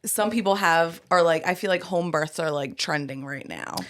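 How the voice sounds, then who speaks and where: A woman's voice: fairly low pitch, moderate pace, fairly bright tone. A woman co-hosting a podcast, supportive and asking questions in casual chat. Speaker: podcast co-host.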